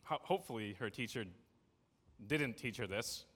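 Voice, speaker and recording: A man in his thirties giving a casual, jokey sermon to a congregation, telling stories in a lively, conversational way. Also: medium pitch, moderate pace, husky. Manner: conversational, jokey, animated storytelling. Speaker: preacher. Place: church sanctuary. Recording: long reverb of a church hall.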